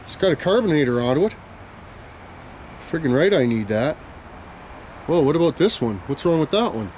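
A young man vlogging outdoors on a handheld camera, rambling and joking loudly with plenty of slang and swearing. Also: a little high, big pitch swings, normal speed, slight background noise. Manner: loud, profane, joking banter with lots of slang. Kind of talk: casual rambling vlog chat.

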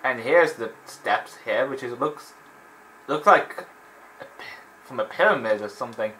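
A man's voice: medium pitch, animated, unhurried, bright, forceful tone, slight background noise, rough recording. A man hosting a let's play, chatting in a rambling, digressive way and laughing often while he plays. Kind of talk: rambling gameplay commentary.

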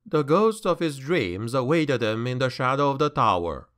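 A man narrating a dark fantasy audiobook in a measured, dramatic way. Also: mid-range voice, lively intonation, clear, resonant tone.

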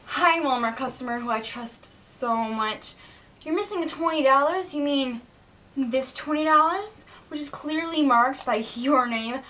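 Girl doing a sarcastic store clerk bit, high voice, fake polite and snarky. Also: pushed and bright. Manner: dry, sarcastic, mock-polite.

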